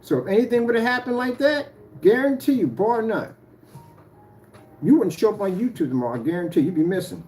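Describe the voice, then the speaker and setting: Animated man ranting at camera. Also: sits high, brisk, soft background music. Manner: confrontational, rambling, warning tone. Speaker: YouTuber addressing a rival. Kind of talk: direct-to-camera rant.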